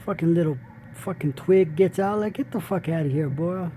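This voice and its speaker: A man's voice: on the high side, moderate pace, warm tone, slight background noise, low-quality recording. Brash, foul-mouthed man reacting to clips. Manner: brash, profane trash talk. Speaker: reaction video host. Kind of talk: casual reaction commentary.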